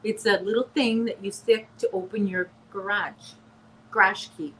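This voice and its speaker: A woman with a Chicago accent co-hosting a casual live chat, chatty and quick to laugh. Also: mid-range voice, fairly even intonation, a little hiss or hum, rough recording. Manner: chatty, laughs easily, coos at a pet. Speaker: co-host of a live chat stream.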